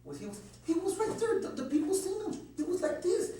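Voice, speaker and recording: A man's voice: very high-pitched, lively intonation, a little fast, warm tone. A frightened man being questioned by police, stammering, repeating himself and cursing heavily as he rambles through his account. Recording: echoey room, distant mic, faint hum.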